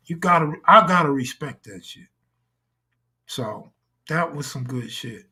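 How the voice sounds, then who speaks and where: Bright-voiced man hosting a live stream. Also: a little high, unhurried. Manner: crude, boastful, joking banter. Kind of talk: casual live-stream talk.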